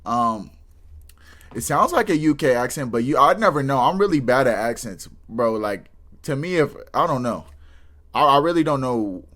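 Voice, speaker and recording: A man's voice: mid-range voice, lively intonation, normal speed, fairly bright tone. A man hosting a reaction video, talking casually with lots of slang and restarts.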